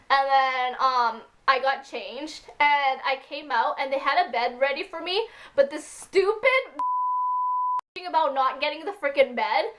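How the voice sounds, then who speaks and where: A woman speaks to camera in a high voice, rambling through her story. She is upset and fills every sentence with "like" and "freaking". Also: unhurried, a bit bright, a little hiss or hum. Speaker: vlogger.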